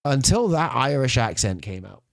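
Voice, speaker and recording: A man's voice: medium pitch, big pitch swings, normal speed, creaky, dry recording, clean studio sound. A man co-hosting a podcast in casual chat, ranting and repeating his words as he goes. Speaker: podcast co-host. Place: podcast studio.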